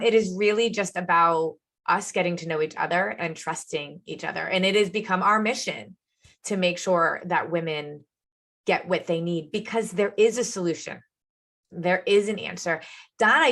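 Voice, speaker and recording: A woman's voice: medium pitch, a bit bright. A woman hosting a podcast interview, talking in an enthusiastic, encouraging way. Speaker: podcast host and nutrition coach.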